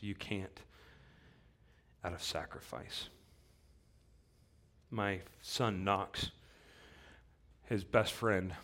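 Earnest low-voiced male preacher. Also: fairly bright tone. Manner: earnest, builds to emphatic bursts when reading scripture; repeats key phrases for weight. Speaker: pastor. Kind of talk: sermon.

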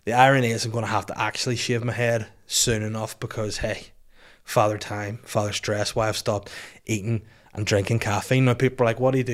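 A man in his thirties talks casually into a studio microphone, telling self-deprecating stories for his podcast. His speech is loose and peppered with swearing, and he mocks himself cheerfully. His voice sits at an ordinary middle pitch. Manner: swearing, self-mocking anecdotes. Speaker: podcast host. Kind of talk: casual solo podcast storytelling.

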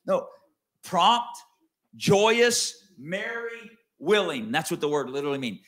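A man preaching a sermon in a conversational way, slowing down and rising to stress key words, then dropping low for asides. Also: big pitch swings. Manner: conversational with wide swings in pitch and loudness, slows to stress key words. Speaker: pastor.

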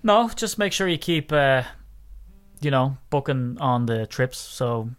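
A man's voice: medium pitch, expressive, measured pace. A man co-hosting a sports podcast, joking around and chatting casually. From Ireland. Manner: jokey, laughs often. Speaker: podcast co-host. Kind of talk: casual chat.

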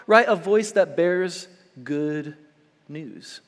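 A young adult male pastor preaching a sermon, swinging between loud urgent build-ups and hushed soft passages, checking in with "okay?" and "right?". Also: on the high side, unhurried, in a large hall. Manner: conversational, with frequent "okay?" and "right?" check-ins.

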